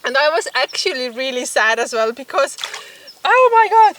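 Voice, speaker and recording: A high-pitched woman chats to her camera outside, laughing her way through a casual story. Her voice sits a little away from the mic, so it sounds slightly distant and open. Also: big pitch swings, normal speed, a bit bright, a little hiss or hum. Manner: giggly, laughs often while telling the story. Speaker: photographer and vlogger. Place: outdoors by a bog, with bugs around. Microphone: camera mic, filmed outdoors.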